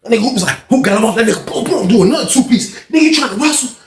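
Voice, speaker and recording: A man telling a story in a casual, profane, animated way, acting out what others said. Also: extremely high pitch, rapid-fire, echoey room, slight background noise. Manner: animated, profane, acts out quoted speech.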